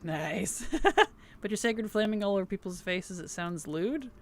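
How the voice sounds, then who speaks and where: A man streaming a video game, chatting in a playful, giggly and animated way. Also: high-pitched, measured pace. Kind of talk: casual gaming stream chat.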